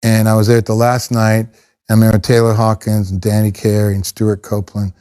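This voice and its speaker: Speaking fairly low and fairly quickly, a middle-aged man who drums professionally tells loose interview anecdotes. He's lively and rambling, often backing up to restart.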